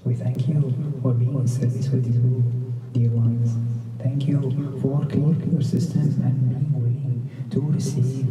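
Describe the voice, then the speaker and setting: A man voicing a solemn male ascended master spirit in a channeled spiritual transmission, giving slow, drawn-out blessings. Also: medium pitch, close to an everyday voice. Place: room where a group session is held. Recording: distant, roomy, dull recording with steady noise.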